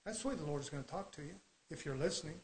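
A male preacher with a slightly higher voice delivers a fervent sermon. He drops into quiet, confiding asides, then swells into loud exhortation. He tells stories in a down-home, colloquial manner. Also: expressive, fast, rough recording. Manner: folksy, colloquial storytelling.

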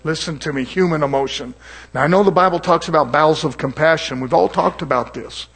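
A man's voice: a little high, a little fast, fairly bright tone, husky. A man preaching a sermon, earnest and conversational, repeating phrases for emphasis and asking the congregation rhetorical questions.

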